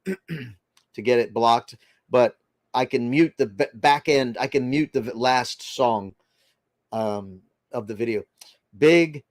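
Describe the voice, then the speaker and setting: A man's voice: medium pitch, dry recording. Older guy rambling on his livestream, reads the chat out, dry close mic, no room sound. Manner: rambling, chatty, reads viewer comments aloud. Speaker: livestream host reading chat.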